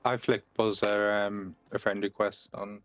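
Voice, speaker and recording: A man playing a tabletop role-playing game, speaking low-key. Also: level tone, unhurried, background noise. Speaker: player.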